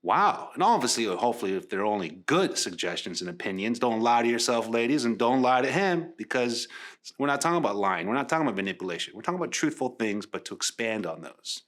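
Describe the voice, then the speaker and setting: A man who works as a love coach, talking straight to women in an animated way. He stresses points by repeating phrases and acts out conversations as he tells them. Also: medium pitch, quick pace.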